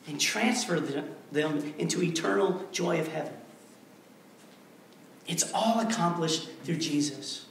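A male pastor preaching a sermon, emphatic and repetitive, swinging between hushed passages and forceful declarations. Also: fairly high pitch, animated, slow, gravelly. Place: church sanctuary. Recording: very echoey church hall, mic far off.

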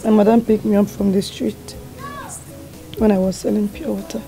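A young actress with a Nigerian accent playing an orphaned girl who pleads softly and tearfully. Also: medium pitch, level tone, normal speed, vocal fry, lightly acted. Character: young orphan woman begging forgiveness. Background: film score music.

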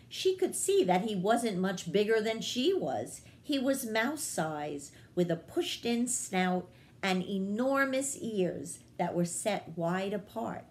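A woman, a children's librarian, narrating a storybook aloud in a calm, measured way. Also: mid-range voice.

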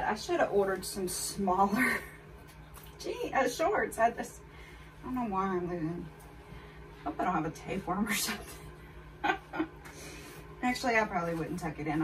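A woman's voice: medium pitch, normal speed. Chatty woman vlogger, slightly distant mic. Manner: chatty, candid, addresses viewers directly. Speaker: fashion haul vlogger. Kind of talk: casual try-on haul chat. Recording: voice a bit far from mic, faint background noise.

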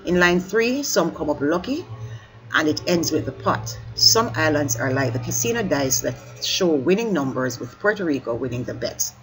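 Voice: medium pitch, big pitch swings, moderate pace, a bit bright, faint music behind, poor audio. A teacher explaining a poem line by line, correcting slips and apologizing mid-sentence, and urging listeners to keep up.

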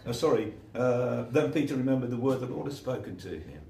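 A man's voice: mid-range voice, animated, fairly quick, gravelly, dark tone, a little hiss or hum. A man preaching an informal sermon, telling stories and acting out the voices of the people in them. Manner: chatty, acts out the voices in his stories. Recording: echoey room, voice from a distance.

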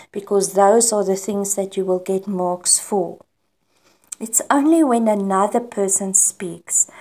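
South African woman, English teacher; slow, patient delivery, walking through examples for the class. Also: mid-range voice, dark tone. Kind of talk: online grammar lesson.

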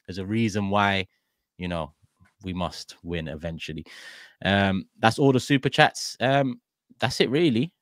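London man, football show host, lowish voice, dry close sound, laughs a lot. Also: a little slow, fairly bright tone, no echo. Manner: laughs often, upbeat sign-off patter. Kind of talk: casual football chat.

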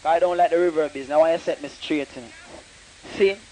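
A man's voice: fairly high pitch, steady tone, racing, mellow. A man with a Jamaican accent toasting live at a dancehall session, chanting rhymes in patois and talking to the sound man between verses. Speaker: dancehall deejay. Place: outdoor dance event. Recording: distant live mic with sound system music.

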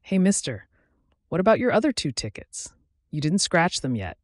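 A woman's voice: fairly low pitch, big pitch swings, normal speed, no room sound, clean studio sound, voice pushed up. A man reading the lines of a young female store clerk in a storybook, asking questions in a chirpy way. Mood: curious.

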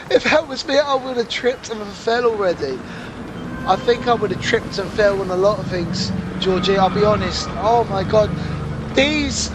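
A man's voice: extremely high pitch, background noise. A man hosting a horror game playthrough, rambling nervously to viewers and panicking at scares. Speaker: gaming video host. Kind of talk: horror game let's play commentary. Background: game music.

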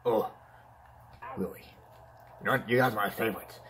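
A man's voice: on the low side, fairly even intonation, normal speed, a bit bright, slight background noise, lightly acted. A man voicing a boastful, whiny male clown villain in a toy-figure fan play, pleading and taunting by turns and yelping in pain.

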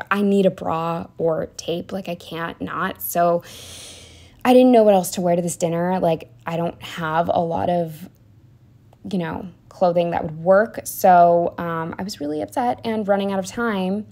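A young woman narrates her planner spread in a casual, rambling voice-over. Her voice sits on the low side for a woman, and she peppers her talk with ums and likes as she chats along. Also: steady tone, a little slow. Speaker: planner vlogger.

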